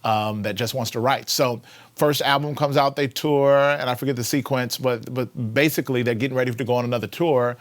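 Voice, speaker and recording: A man in a middle register hosts an inspirational talk in a loose, conversational way. He hammers his points home with repeated phrases. His delivery jumps from loud, bright emphasis down to near-whispers. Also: medium pitch, brisk. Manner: animated, swings from loud emphasis to hushed whispers. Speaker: host.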